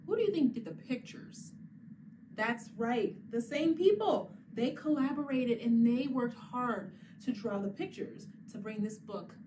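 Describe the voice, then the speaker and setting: A woman librarian reading a picture book aloud to young children in a sing-song, encouraging voice, making animal sounds and speaking to unseen listeners. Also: fairly high pitch. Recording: distant mic with faint background noise.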